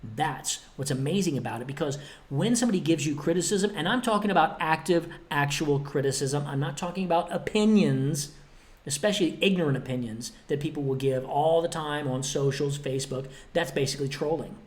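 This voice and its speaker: A man's voice: a little high, fairly quick. Blunt, emphatic male podcast host. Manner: emphatic, plays out both sides of imagined exchanges; blunt, a little cheeky. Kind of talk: motivational podcast monologue.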